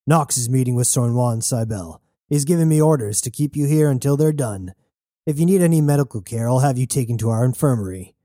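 A man voicing a sardonic male quartermaster, speaking briskly and wryly. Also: mid-range voice, mellow, dry recording, studio quality, close to an everyday voice. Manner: brisk, wry.

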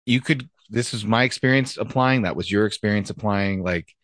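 A man's voice: lowish voice, moderate pace, fairly bright tone, no room sound. A man hosting a podcast and telling his own stories in casual chat, plainspoken and frank. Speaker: podcast host, former police officer.

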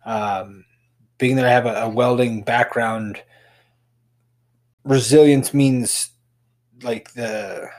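A man hosting a casual podcast, speaking haltingly with many restarts. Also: mid-range voice, fairly even intonation. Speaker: podcast host.

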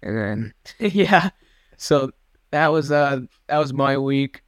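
A man's voice: medium pitch, expressive, slow pace, a bit bright, dry recording, clean studio sound. A young man co-hosting a podcast, telling a rambling, self-deprecating story in casual chat. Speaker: podcast co-host.

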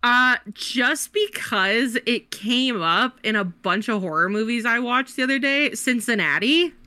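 A young woman co-hosts a podcast in casual chat, tossing out cheeky answers in a slow, deliberate way. Her voice is bright, smooth and fairly high. The sound is dry and close. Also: animated, dry recording. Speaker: podcast co-host. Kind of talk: casual chat, word game.

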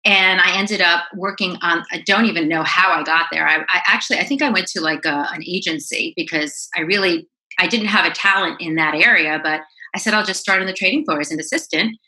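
A woman's voice: on the low side, a little fast, sharp tone, low-quality recording. A woman in her forties from Long Island, New York, a lifestyle blogger guesting on a podcast, telling her story animatedly and acting out quoted lines.

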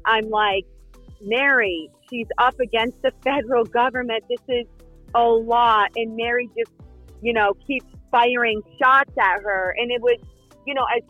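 A woman, a reality show cast member, answering interview questions in a chatty, animated storytelling way with lots of fillers. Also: fairly high pitch, measured pace, no echo, soft background music. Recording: dull lo-fi sound.

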